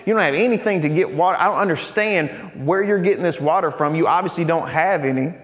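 A man's voice: fairly high pitch, fast talker, in a large hall, close to an everyday voice. A preacher voicing an indignant village woman who stammers in disbelief. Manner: bristling, incredulous, stammering.

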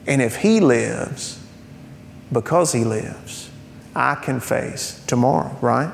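Conversational preacher in a reverberant hall. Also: male voice, slow, vocal fry. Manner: conversational preaching with rhetorical questions and humorous asides. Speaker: pastor. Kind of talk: sermon. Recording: reverberant hall with faint rumble.

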